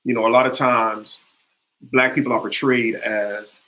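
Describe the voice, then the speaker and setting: A man in a relaxed interview, talking about acting in an earnest, storytelling way. His voice sits at an ordinary middle pitch, and he circles back with fillers and restarts as he thinks aloud. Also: unhurried, rough recording. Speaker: actor, interview guest. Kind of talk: conversational interview.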